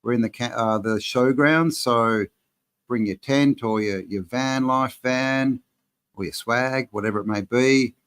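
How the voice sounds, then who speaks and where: A man's voice: medium pitch, unhurried, clean tone. Laid-back man chatting live. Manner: relaxed, rambling, says man and bro. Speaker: channel host answering live chat. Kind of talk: casual live-stream Q&A.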